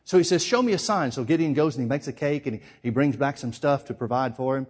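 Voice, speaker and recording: A man preaching a sermon, emphatic, firing rhetorical questions and swinging between loud and hushed. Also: mid-range voice, fast, breathy edge.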